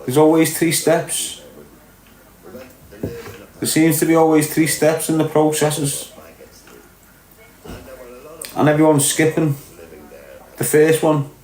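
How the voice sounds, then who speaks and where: A man's voice: a little high, completely flat delivery, takes it slowly, long pauses, a little mellow. A man with a Liverpool accent ranting on a podcast, blunt and sweary, repeating his points for emphasis. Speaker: podcast commentator. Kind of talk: opinionated podcast rant. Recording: echoey room.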